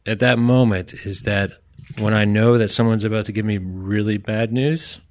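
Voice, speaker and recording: A man from Orlando telling a personal story on stage to a live audience, chatty and self-deprecating, with apologetic asides. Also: on the low side. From Orlando, Florida. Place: live stage event in a bar venue.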